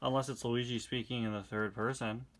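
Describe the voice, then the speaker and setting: A man's voice: mid-range voice, flat delivery, fairly quick, fairly bright tone. A young man reviewing a comic book in casual read-along commentary, full of chatty, wry asides.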